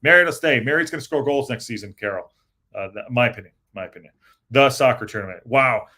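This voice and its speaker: A man's voice: medium pitch, quick pace, bright, forceful tone. A man hosting a casual live-stream podcast, reading the chat aloud and rambling with lots of fillers and restarts. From United States.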